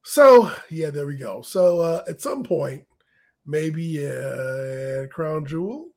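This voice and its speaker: Gravelly husky man recapping wrestling. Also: a little high, animated, takes it slowly, a little mellow. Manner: laid-back, recaps matches with jokey asides. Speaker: podcast co-host. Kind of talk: casual wrestling recap chat.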